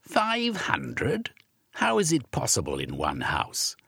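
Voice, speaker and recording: Man doing a clipped, proper Victorian gent, husky, incredulous. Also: mid-range voice, wildly swooping pitch, slow, pushed and bright, no room sound, clean studio sound, pitched above the performer's own voice, exaggerated voice. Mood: brusque. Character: adult man, brusque, easily frustrated Victorian gentleman.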